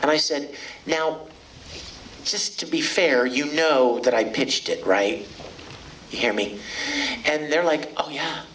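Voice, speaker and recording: A man's voice: fairly high pitch, slow pace, pauses often. A middle-aged man, a voice actor at a convention panel, talking casually and playfully to fans on a handheld mic. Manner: playful, joking, animated storyteller. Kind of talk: casual panel talk to a fan crowd. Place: convention hall stage. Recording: distant audience recording, noisy hall.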